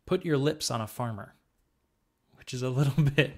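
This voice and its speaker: A man co-hosts a podcast, chatting casually and launching into ranting, swearing tangents. He speaks in a medium-pitched voice at a normal speed.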